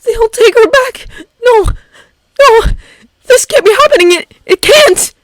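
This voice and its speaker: A fan reader voicing a panicked young male hero, high and near tears. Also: very animated, normal speed, dry recording, poor audio.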